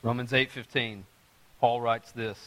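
A man preaching a sermon as pastor, telling a personal story and swinging from quiet, conversational storytelling to loud, emphatic preaching. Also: medium pitch, level tone, measured pace.

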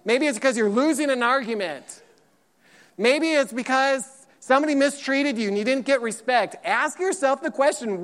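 A man preaching a sermon as pastor, emphatic and lively, repeating points and acting out quotes. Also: very high-pitched. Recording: long hall reverb.

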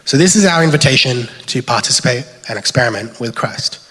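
A man's voice: mid-range voice, a little fast. Easygoing Australian man preaching in a hall. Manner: relaxed, chatty, thinks aloud with fillers. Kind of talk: casual sermon with slides. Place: church hall. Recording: long hall reverb.

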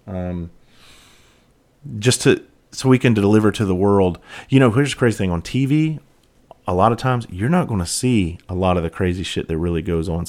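A middle-aged man hosting a podcast, telling rambling, profane stories about his years in police and fire work in a casual monologue. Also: lowish voice. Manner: profane, rambling and animated, with frequent restarts. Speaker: podcast host, former police officer and firefighter.

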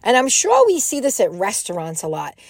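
A middle-aged woman telling a personal story in a casual, animated way, acting out what people said. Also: medium pitch, a little fast, dry recording. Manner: animated, quotes people in raised voices.

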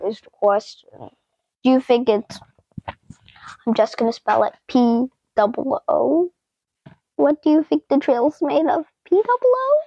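A woman reads a children's picture book aloud in a high, very lively voice. She stops often to chat playfully with young listeners, exclaiming over the pictures, at an unhurried pace. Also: no room sound. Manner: playful, exclaiming, chats to kids. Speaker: children's author reading aloud.

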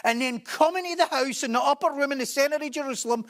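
A man's voice: extremely high pitch, fast, fairly bright tone. A man preaching a sermon, emphatic and repeating key phrases for stress.

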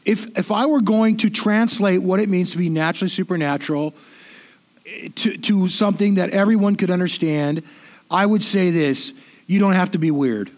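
A middle-aged man preaching in a high voice. He keeps it conversational and self-deprecating, often doubling back on his words as he talks. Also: normal speed, a little mellow. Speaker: pastor. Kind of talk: sermon.

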